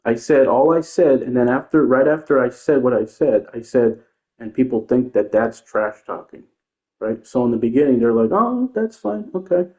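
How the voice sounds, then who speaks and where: Heard through tinny, phone-like audio in an echoey room, a man with a medium-pitched, dark-toned voice speaks at normal speed with fairly even intonation. As a gaming streamer, he casually rants about online opponents, defensively going over the same points again and again.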